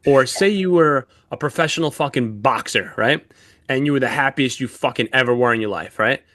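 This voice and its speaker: A man's voice: mid-range voice, brisk, no room sound, studio quality. A man co-hosting a podcast in casual chat, telling stories with lots of swearing. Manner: animated, heavy swearing, storytelling. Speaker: podcast co-host.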